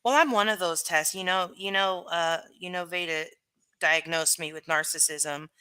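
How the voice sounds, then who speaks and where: A woman's voice: fairly low pitch, normal speed, pushed and bright, clean tone. A young woman hosting a casual livestream, reading chat and rambling frankly with lots of "like" and "you know".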